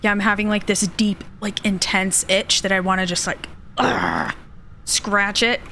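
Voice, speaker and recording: A woman's voice: mid-range voice, fairly even intonation, unhurried, pushed and bright, slight background noise. A young woman streaming a game, chatting casually and greeting viewers by name. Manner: chatty, reads chat aloud and greets viewers. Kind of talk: casual live-stream chat while gaming.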